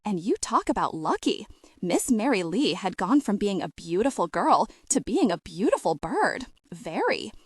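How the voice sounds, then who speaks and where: A woman reading a heartwarming audiobook with gentle humor, her pitch rising and falling lively. The sound is close and dry, like a studio read. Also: moderate pace, breathy edge, no echo. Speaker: narrator. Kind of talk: audiobook narration.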